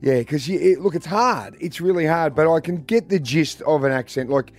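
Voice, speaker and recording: A man co-hosting a breakfast radio show, chatting in an excitable, quick, chatty way. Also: fairly high pitch, soft background music. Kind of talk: casual radio banter.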